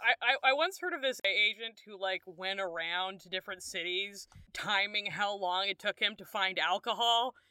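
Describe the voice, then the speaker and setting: A woman's voice: medium pitch, normal speed, few pauses, bright, forceful tone, clear, resonant tone, dry recording, clean studio sound. A young woman co-hosting a podcast, cracking absurd jokes in casual chat. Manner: joking, absurd quips. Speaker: podcast co-host.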